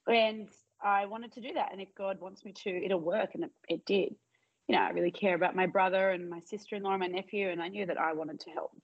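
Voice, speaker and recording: Woman, podcast guest, slightly husky voice, dry close mic, animated storyteller. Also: mid-range voice, fast, no room sound, dull audio. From Australia. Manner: chatty storyteller, laughs often, acts out her own past lines. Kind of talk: casual podcast chat.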